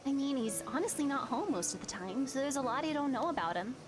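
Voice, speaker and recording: A flustered, lovestruck teenage girl, voiced by a woman, high and animated, anxious and dramatic. Game music plays under her. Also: fast. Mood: nervous.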